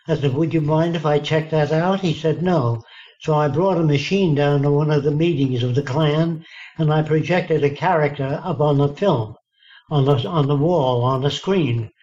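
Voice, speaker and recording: This man speaks at a fairly high pitch and normal speed, his tone on the dark side. Interviewed in conversation, he tells stories bluntly and folksily, voicing what people said to him. The recording is dull and lo-fi.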